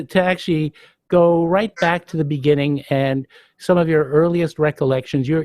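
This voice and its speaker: A man's voice: on the high side, a little mellow, dry recording. A man hosting an interview, introducing his guest with effusive praise and asking about her childhood. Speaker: podcast host.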